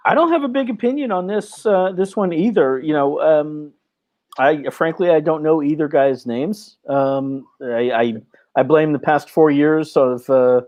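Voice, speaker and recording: A man with a slightly high voice chats in a laid-back, hesitant way. He hedges often and makes fun of himself. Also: unhurried, a little mellow. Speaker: podcast co-host. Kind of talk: casual podcast chat.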